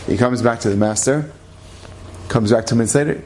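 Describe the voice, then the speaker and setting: A man's voice: medium pitch, fairly quick. A man telling a story aloud in a conversational way, acting out each character. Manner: lively, conversational, acts out all the voices. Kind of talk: oral storytelling.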